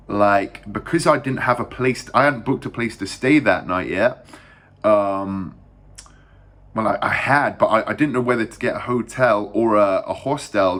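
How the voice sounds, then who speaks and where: A young English man telling a story to camera in a casual, rambling and crude way, talking fast with lots of fillers and restarts. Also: lowish voice, a bit bright. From England. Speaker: vlogger.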